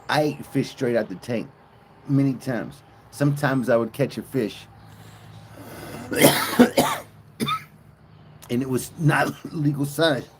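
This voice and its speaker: A man's voice: medium pitch, noisy background. Crude rambling man on a farm livestream. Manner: crude, joking, rambling storyteller. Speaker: livestream host. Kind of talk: casual live-stream chat. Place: outdoors on a farm with cows nearby.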